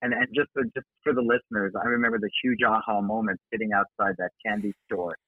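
A man guests on a podcast and speaks earnestly and encouragingly, rattling along quickly. His voice has a gravelly texture. It comes through a tinny, narrow, phone-like line. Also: fairly low pitch, expressive, no echo. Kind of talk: casual podcast chat.

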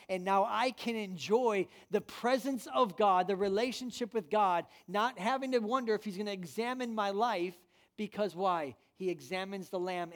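A man pastor preaching a sermon to a room, emphatic and full of rhetorical questions. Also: sits high. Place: church room with an audience.

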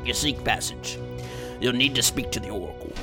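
A man's voice: medium pitch, fairly quick, over music, lightly acted. A man doing a drawling water elemental ferryman. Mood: easygoing. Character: laid-back male water elemental ferryman.

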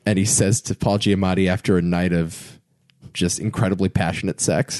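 A man co-hosting a casual movie podcast, animated and swearing freely as he reads out film details and jokes. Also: on the low side, a little slow, pauses often. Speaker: podcast co-host.

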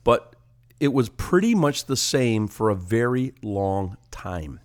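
An older man co-hosting a ministry podcast as an evangelist, talking casually, posing animated rhetorical questions with a slightly congested nose. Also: fairly low pitch, slow pace. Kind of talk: casual chat.

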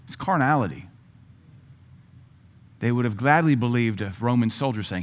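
A middle-aged man preaching a sermon, emphatic, with loud bursts when he quotes scripture. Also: mid-range voice, expressive, moderate pace.

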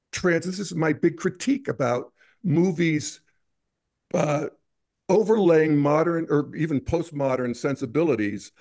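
A man's voice: mid-range voice, darkish tone. A man hosting a casual film discussion, talking in a rambling, hesitant way with many restarts. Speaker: podcast host.

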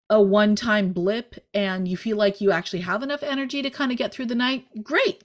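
Candid, animated woman in her forties; casual parenting talk, lots of "right?". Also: mid-range voice. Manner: lively, candid, rapid bursts with frequent "right?". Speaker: podcast co-host, parenting guest. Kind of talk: casual conversational advice.

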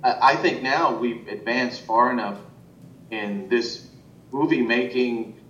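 Slow-paced and a bit bright, this man's voice reaches a distant mic, giving roomy, muffled audio with a faint rumble. He works as an animation director and talks casually in an interview, rambling with many fillers and restarts.

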